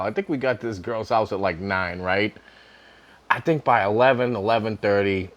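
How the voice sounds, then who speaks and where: A middle-aged man casually telling a personal story to camera, swearing freely and laughing often. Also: fairly low pitch. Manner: profane, laughing often, animated.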